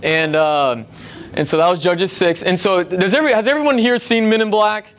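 A man's voice: high-pitched, normal speed, dull audio, soft background music. A young man giving a casual sermon to a youth group, chatty, with restarts and asides. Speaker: youth speaker.

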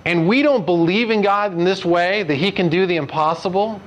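A man's voice: sits high, moderate pace, lo-fi sound, slight background noise. A man preaching a conversational sermon as pastor, earnest and putting direct questions to his congregation.

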